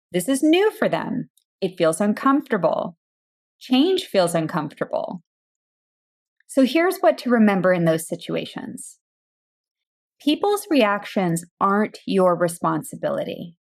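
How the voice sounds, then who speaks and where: A woman hosting a coaching podcast, speaking in a calm, direct scripted monologue with rhetorical questions. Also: medium pitch. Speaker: burnout and boundaries coach, podcast host.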